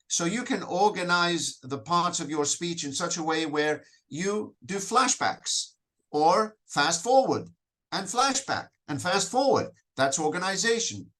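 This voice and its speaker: A man with a fairly bright, higher-pitched voice leads an interactive Toastmasters workshop. He fires questions at the audience, repeats phrases, and keeps restarting sentences with "so, so."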